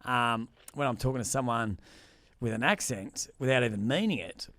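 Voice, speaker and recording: A man's voice: mid-range voice, normal speed, fairly bright tone, dry recording. A man co-hosting a podcast, telling a joke story in crude, sweary casual banter. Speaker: podcast co-host.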